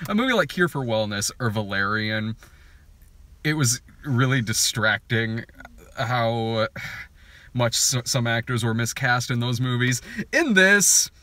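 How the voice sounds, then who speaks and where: Lively, bright-voiced man riffing on a film. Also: mid-range voice, measured pace, no echo. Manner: animated, laughing, profane. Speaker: film review co-host. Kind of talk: casual chat.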